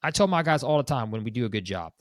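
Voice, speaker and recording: A man's voice: mid-range voice, fast, dry recording. A man co-hosting a business podcast as a broker, chatting casually and acting out what clients say. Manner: animated, acts out clients' quotes.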